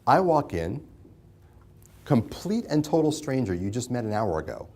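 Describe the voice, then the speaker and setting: A man's voice: mid-range voice, very animated, moderate pace, darkish tone. Guy lecturing a mediation class, chatty, keeps quizzing the room and echoing answers. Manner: conversational, asks the class questions and repeats their answers. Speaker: mediation instructor.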